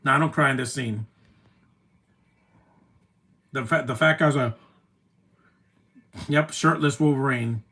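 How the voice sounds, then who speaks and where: A man streaming his reaction to a movie, talking in an emotional, rambling way with many "man" tags and the odd loud taunt. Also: medium pitch, slow pace, long pauses. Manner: soft-spoken, with sudden loud taunting outbursts. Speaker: live streamer.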